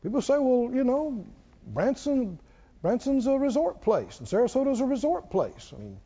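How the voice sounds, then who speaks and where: A man's voice: very high-pitched, sing-song, moderate pace, mellow, breathy edge, dull audio. A male pastor preaching a sermon, telling his story with animation and leading the congregation in call-and-response prayer.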